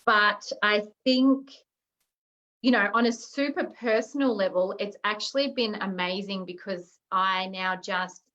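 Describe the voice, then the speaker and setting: A woman's voice: medium pitch, bright, forceful tone, lo-fi sound. A woman guest in an interview, answering casually and searching for her words. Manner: searching for words, uses fillers.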